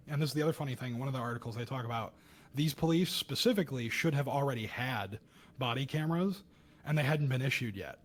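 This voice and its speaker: A young man co-hosting a casual podcast, talking through a news story with heated emphasis and bursts of louder, higher speech. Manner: animated, acts out quoted voices with rising pitch and loudness. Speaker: podcast co-host. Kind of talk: casual political commentary chat.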